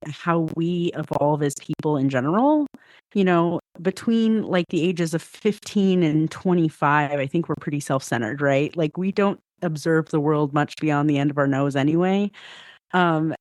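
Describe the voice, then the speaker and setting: A woman's voice: sits low, darkish tone, no echo. A middle-aged woman who is a podcast guest, telling stories and reflecting in casual conversation, often hedging her points. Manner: reflective, storytelling, frequent hedging.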